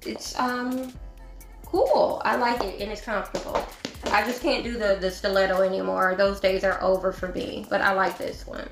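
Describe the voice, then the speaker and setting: A woman's voice: mid-range voice, little pitch movement, normal speed, creaky, roomy sound, music in the background. A middle-aged woman chatting casually to her viewers in a shopping haul video, talking to them directly as y'all. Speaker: vlogger.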